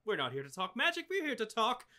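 A doting elderly woman mage, voiced by a man, fussing over her guests in a tabletop game. She talks fast, in a brighter, higher voice that bubbles with motherly chatter. Her tone stays gracious and ever so slightly fussy. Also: huge pitch swings, full character voice. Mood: businesslike. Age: older.

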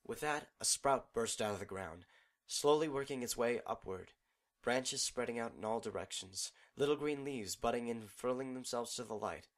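A man narrating a fan fiction audiobook in a steady, measured storytelling manner. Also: mid-range voice.

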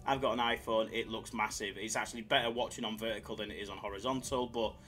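A man's voice: fairly low pitch, fairly even intonation, fast, bright, forceful tone. A man hosting a casual live stream, bantering with chat in a laid-back way.

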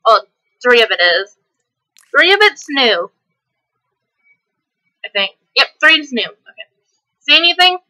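A woman hosting a gameplay video keeps up a hyper, laugh-filled casual chat while playing, sometimes sliding into a country twang. Her fairly high voice is very animated, bright and forceful, yet a little slow with long pauses, and the recording is low quality.

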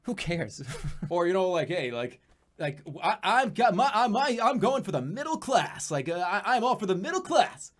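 A man streaming casually, rambling and swearing with animated, jokey delivery. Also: high-pitched, moderate pace. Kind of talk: casual livestream commentary.

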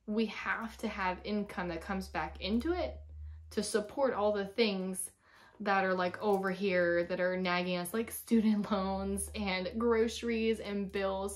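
A woman in her thirties, a former teacher, talking candidly and chattily in a personal vlog, telling stories frankly and with feeling. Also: medium pitch. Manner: frank and emotional.

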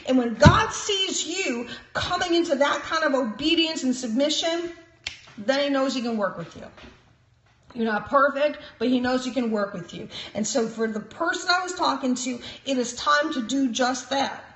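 A woman's voice: high voice, animated, normal speed, a bit bright, a little hiss or hum. A woman minister giving an emphatic sermon-style teaching, sprinkling in praises and chuckles. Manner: emphatic preaching with frequent "praise God" and chuckles. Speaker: prophet and minister. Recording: roomy echo.

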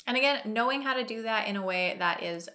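A woman's voice: mid-range voice, fast, bright, forceful tone. A freelance copywriter, a woman, gives casual, blunt reaction commentary and hammers her points home by repeating them.

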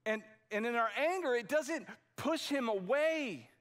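A man's voice: very high-pitched, animated, a little slow, fairly bright tone. A man preaching a sermon in a conversational, emphatic way, often restarting his sentences. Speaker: pastor.

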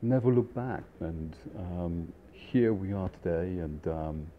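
A man's voice: deep voice, slow, narrow, tinny audio, a little hiss or hum. A middle-aged man casually telling a rambling anecdote with many fillers and restarts. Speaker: storyteller, restaurant industry veteran.

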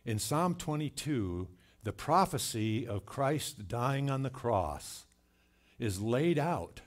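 A man preaching a sermon in a church, reading scripture and commenting with slow, earnest emphasis. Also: mid-range voice, big pitch swings. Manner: slow, earnest delivery with scripture read aloud and dramatic quoted cries. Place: church sanctuary.

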